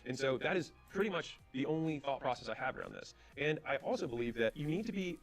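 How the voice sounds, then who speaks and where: A man's voice: mid-range voice, animated, faint music behind. A man in his thirties giving casual business advice, telling stories and acting out the dialogue. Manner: rapid, casual, anecdotal with acted-out dialogue. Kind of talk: storytelling business advice talk.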